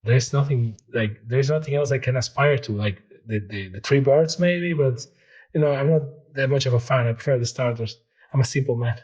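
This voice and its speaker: A middle-aged man hosting a casual card-pack opening, rambling and excitable, stopping often to read the card text aloud. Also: mid-range voice, moderate pace, breathy edge, highs cut off. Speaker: channel host opening card packs. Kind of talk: casual unboxing chat.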